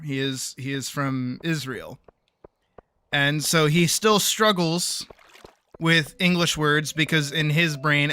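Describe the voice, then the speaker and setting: A man's voice: on the high side, pushed and bright, clean tone. A man streaming a game, chatting casually at a desk mic in a giggly, rambling, self-teasing way.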